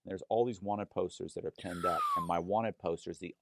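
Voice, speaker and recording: A man telling a story in a casual interview, animated and profane, acting out other people's lines as he goes. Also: low voice, brisk, creaky, noisy background. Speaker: guest telling his story.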